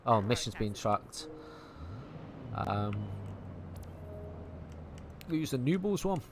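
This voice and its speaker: A man's voice: medium pitch, very animated, slow, background noise. A man with a Manchester accent chatting and thinking aloud over a game he plays, casual and a little sweary. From England. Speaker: gaming streamer. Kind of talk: casual gameplay commentary.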